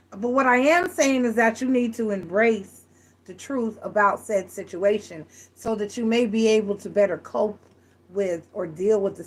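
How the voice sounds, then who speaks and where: A woman's voice: medium pitch, breathy edge. A woman giving a casual, frank tarot reading, chatty and full of restarts. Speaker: tarot reader.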